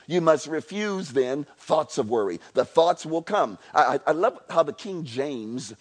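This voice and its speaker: A man preaching a sermon at a church service. He leads the congregation in call-and-response, swinging from quiet, low lines to loud shouts. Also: expressive, unhurried. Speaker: pastor.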